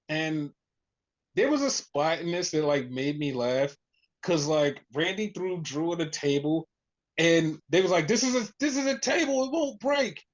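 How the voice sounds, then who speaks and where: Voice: mid-range voice, dull audio. A podcast host recapping in casual chat, swearing freely and acting out quotes. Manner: profane, animated retelling with voiced quotes.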